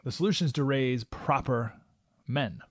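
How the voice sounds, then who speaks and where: A man's voice: mid-range voice, moderate pace, dry recording, studio quality. A man hosting a radio talk show, giving an emphatic, opinionated monologue and acting out the voices he quotes. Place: radio studio.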